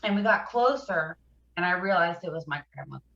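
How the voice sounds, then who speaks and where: Woman guest, emotional recovery story, bright tense voice, lo-fi sound. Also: on the low side, lively intonation, vocal fry, roomy sound. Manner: halting, emotional, fighting back tears. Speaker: podcast guest. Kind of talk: personal recovery story in an interview.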